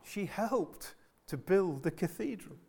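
A man's voice: sits high, lively intonation, slow, vocal fry, darkish tone, slightly rough. A man preaching a sermon to his church in an earnest way, often repeating phrases and asking the congregation rhetorical questions.

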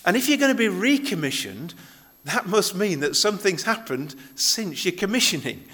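A man's voice: high-pitched, very animated, normal speed, pushed and bright, slightly rough. A male pastor giving a conversational sermon, often restarting his phrases as he explains a Bible passage.

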